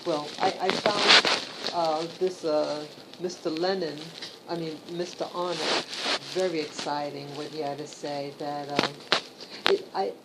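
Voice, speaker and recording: A woman vlogging casually from her bed at home, talking slowly with many fillers and restarts. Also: sits low, fairly even intonation. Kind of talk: casual talk to camera. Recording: loud background hiss.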